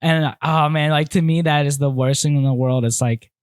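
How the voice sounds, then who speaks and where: On a clean studio recording with no room sound, a young podcast host with a voice on the high side talks at a moderate pace in a clean tone. He shares candid stories in a casual chat, animatedly performing other people's quotes.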